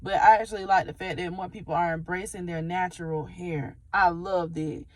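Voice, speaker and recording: A woman's voice: on the low side, fairly even intonation, moderate pace, no echo. Woman hairstylist, casual vlogger, candid and chatty, occasional swearing, dry close mic. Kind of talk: casual talk to camera.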